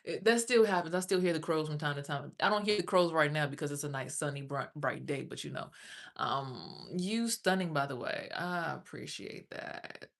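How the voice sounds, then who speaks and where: A woman's voice: low-pitched, expressive, normal speed, gravelly. A woman livestreaming, talking casually and at length to her viewers, rambling and swearing freely. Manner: rambling, profane, talks straight to viewers.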